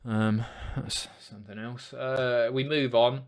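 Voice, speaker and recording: A man in his thirties runs a casual livestream, reading chat messages out loud as he rambles and swears, lurching from loud outbursts to mumbling. His voice is medium-pitched and animated, at a normal pace.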